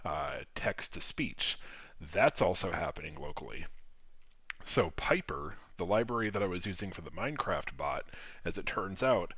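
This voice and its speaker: A man demoing his own software project in a casual screen recording, explaining each step and swearing now and then. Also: low-pitched, dry recording, lo-fi sound.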